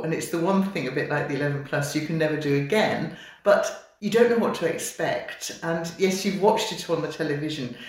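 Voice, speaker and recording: An older woman, a retired midwife, eagerly telling her story as an interview guest and laughing often. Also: low-pitched. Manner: gushing, warm-hearted, laughs often. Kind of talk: enthusiastic conversational storytelling. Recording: very echoey room.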